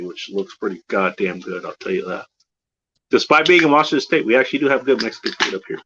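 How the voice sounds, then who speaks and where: A man's voice: lowish voice, bright, forceful tone, a little hiss or hum. A man hosting a casual livestream chat, easygoing and profane, laughing often. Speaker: livestream host. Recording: slightly muffled lo-fi audio.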